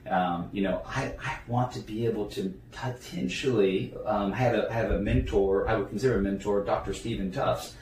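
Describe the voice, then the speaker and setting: A man's voice: on the low side, steady tone, normal speed, few pauses, darkish tone. A young man talking casually as an interview guest, rambling with many fillers and restarts. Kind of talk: casual conversation. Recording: echoey room, mic at a distance, faint background noise.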